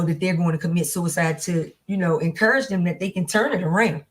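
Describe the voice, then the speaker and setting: A woman teaching a class on domestic violence, speaking in an earnest, repetitive, conversational way with many fillers. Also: lowish voice.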